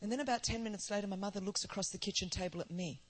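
A woman's voice: medium pitch, very fast, slightly rough. A woman in her forties with an Australian accent, preaching a sermon that tells her own story and builds to emphatic declarations. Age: 40s. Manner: storytelling, rising to emphatic proclamation. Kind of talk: sermon testimony.

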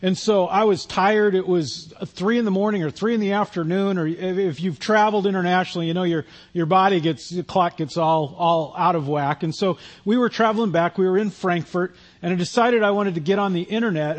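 A man's voice: sits high, fairly quick, few pauses. A man preaching a sermon, telling a self-deprecating personal story in a conversational way. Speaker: pastor.

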